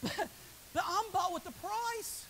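Guy preacher w/ a really high voice ppl think is a woman's, goes from shouting up high to dropping real quiet. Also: measured pace, slight background noise, rough recording. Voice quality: high-pitched voice often taken for a woman's. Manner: swings from soaring high shouts to hushed low asides. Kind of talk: revival sermon.

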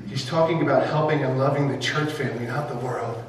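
A man's voice: mid-range voice, fairly quick. A man preaching a sermon as pastor in a church sanctuary, emphatic and firing rhetorical questions at his congregation. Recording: echoey hall, mic far off, faint hum.

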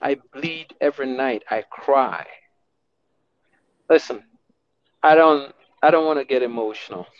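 A man's voice: mid-range voice, measured pace, long pauses, no echo, lo-fi sound. A Ghanaian man who is running for office, answering a talk-show panel earnestly in English and Twi. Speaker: political hopeful, guest.

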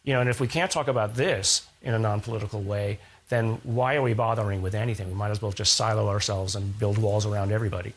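A man's voice: on the low side, fairly even intonation, fast talker, hardly any pauses, slightly rough. A man being interviewed as a scientist guest, explaining ideas through analogies and rhetorical questions in a thoughtful, conversational way.

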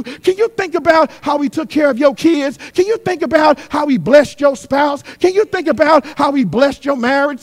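A middle-aged man preaching a sermon. He repeats his lines in a call-and-response rhythm and swings between shouted peaks and quick, hushed asides. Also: very high-pitched. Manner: repetitive call-and-response cadence. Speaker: guest preacher.

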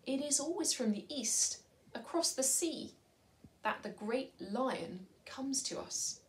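A woman's voice: sits high, lively intonation, slow, pitched above the performer's own voice. A woman reading as a brave, noble mouse. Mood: earnest. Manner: earnest and solemn, often hushed to a whisper. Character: brave, noble, courtly male talking mouse.

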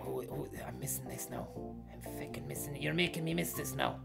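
Irish male streamer, rough gravelly voice, joking and chatty. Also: medium pitch, huge pitch swings, a little fast, loud music behind the voice. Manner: jokey, rambling, thanks donors by name. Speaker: live streamer. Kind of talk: live stream commentary.

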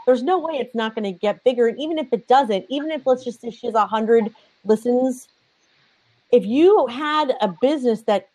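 A woman's voice: on the high side, moderate pace, a little mellow. A woman interview guest chatting casually and enthusiastically about podcasting.

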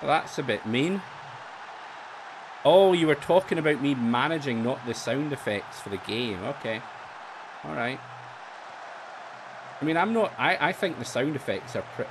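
A man giving live commentary while he streams a football management game, chatty and self-mocking, with sudden excited outbursts. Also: mid-range voice, noisy background.

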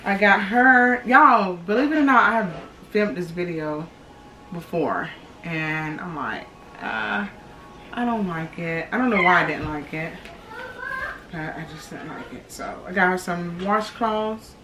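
A woman's voice: lowish voice, animated, unhurried, noisy background. A pregnant woman in her thirties chatting casually to viewers, a bit out of breath, calling them y'all as she goes. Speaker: vlogger, expectant mother. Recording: echoey home room, distant camera mic.

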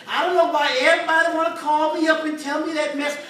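A man's voice: extremely high pitch, fast talker, few pauses, bright, forceful tone. An older man preaching a sermon in a folksy, humorous storytelling way, full of colloquial speech. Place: church sanctuary. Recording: echoey church recording from far off, congregation audible.

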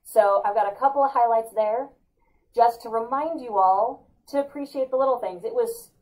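A woman from California hosting a casual weekly spiritual talk, upbeat and playful, now and then leaping into excited exclamations. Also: fairly high pitch, moderate pace, rough recording. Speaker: host.

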